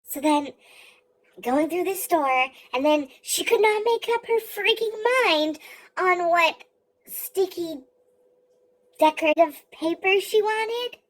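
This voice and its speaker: Very high-voiced, exasperated young woman. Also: expressive, low-quality recording. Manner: exasperated, profane, rapid rants. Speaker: vlogger. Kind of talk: comic storytelling.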